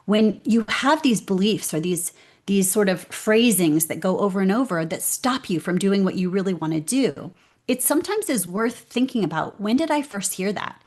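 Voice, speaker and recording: A woman speaking as an interview guest, telling stories in an earnest, animated way. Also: mid-range voice, normal speed. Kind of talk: conversational interview.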